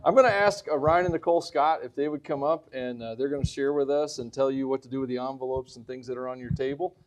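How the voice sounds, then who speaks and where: A man's voice: mid-range voice, quick pace. A man, a pastor, making casual, upbeat stage announcements at a gala.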